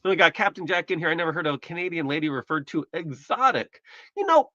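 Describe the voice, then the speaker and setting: A man's voice: on the high side, quick pace, sharp tone, no room sound, highs cut off. A man from the United States hosting a casual live stream, chatting in a rambling, self-correcting way while recovering from surgery. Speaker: livestream host.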